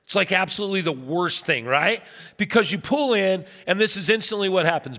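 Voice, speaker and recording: A man's voice: high-pitched, a little fast. A pastor in his fifties preaching a sermon, telling a personal story with acted-out voices. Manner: animated storyteller, acts out voices. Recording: long reverb in a large hall.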